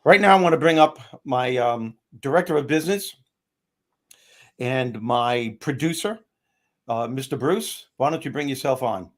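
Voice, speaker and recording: A man's voice: medium pitch, normal speed. Male host, mid-range voice, comic and self-mocking, loose chatty delivery. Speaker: talk show host. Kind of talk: comedic motivational talk show.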